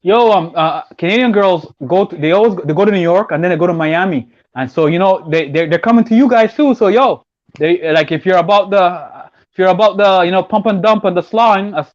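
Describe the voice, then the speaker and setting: A man from South Sudan hosting a casual podcast chat, rapid and talking over his guest. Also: high-pitched, dry recording, muffled recording. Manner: rapid, talks over others. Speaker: podcast host.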